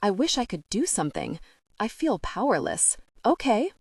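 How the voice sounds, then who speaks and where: A woman's voice: mid-range voice, wildly swooping pitch, moderate pace, vocal fry, slightly rough, dry recording, studio quality. A woman narrating a romantic comedy audiobook in the first person, wry and conversational.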